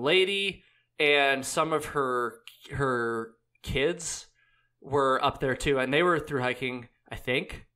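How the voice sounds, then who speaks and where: A man's voice: mid-range voice, pushed and bright. Laid-back young man rambling through a story. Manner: rambling, many "like"s and restarts, laid-back swearing. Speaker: hiker and podcast guest. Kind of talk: casual storytelling chat.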